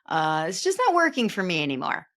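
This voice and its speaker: A woman's voice: fairly low pitch, wildly swooping pitch, a little fast, a bit bright. A woman in her late thirties hosting a podcast, talking in a rambling, chatty way full of filler words. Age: late 30s. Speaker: podcast host. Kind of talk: casual chatty monologue.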